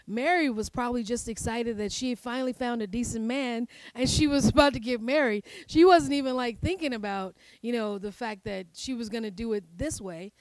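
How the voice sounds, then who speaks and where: A woman pastor giving a sermon in a conversational, playful way, often laughing and slipping into animated asides. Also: on the high side, brisk, hardly any pauses, dry recording.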